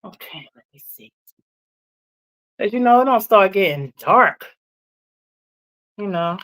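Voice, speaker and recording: Lively, slow-talking woman live host. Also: mid-range voice, rough recording. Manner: chatty, reads and answers viewer comments. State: out of breath. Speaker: livestream host chatting with viewers. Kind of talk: casual live chat.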